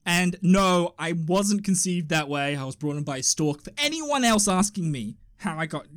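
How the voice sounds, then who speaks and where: A man's voice: high-pitched, moderate pace. A man, a podcast co-host, telling a long story in casual chat and swearing freely. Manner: profane, animated storyteller.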